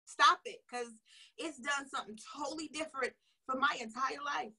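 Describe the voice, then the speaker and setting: A woman's voice: high voice, normal speed, pushed and bright, rough recording. A woman giving a casual motivational coaching talk, emphatic and chatty, repeating her key phrases. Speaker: sales coach.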